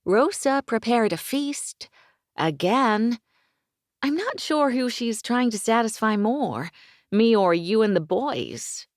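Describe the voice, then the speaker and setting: A woman reading an audiobook voices a spirited young mother who chides and jokes in a raised, bright voice. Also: on the high side, sing-song, slow pace, no echo, clean studio sound, pitched above the performer's own voice. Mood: chiding.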